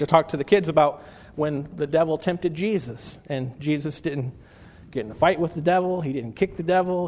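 A man's voice: on the high side, darkish tone. Preacher man in a reverberant hall. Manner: conversational preaching with frequent restarts, slowing for scripture quotes. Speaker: pastor. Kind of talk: sermon.

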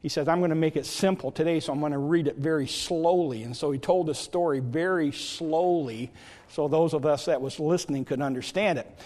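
A man's voice: fairly high pitch, brisk, darkish tone. A man preaching a sermon as pastor, in a folksy, conversational way with frequent hesitations. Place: church sanctuary. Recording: long hall reverb.

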